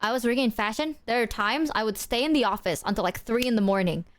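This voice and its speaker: A woman streamer chatting casually, telling animated stories full of swearing and acted-out quotes. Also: a little high, fast. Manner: animated storyteller, swears freely, acts out quotes.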